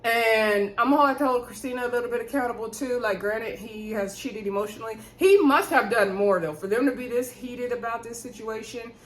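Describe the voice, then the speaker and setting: A woman recapping a reality show in a sassy, animated way, acting out the quoted lines. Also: on the high side, a little fast, hardly any pauses, reverberant. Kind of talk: casual recap chat.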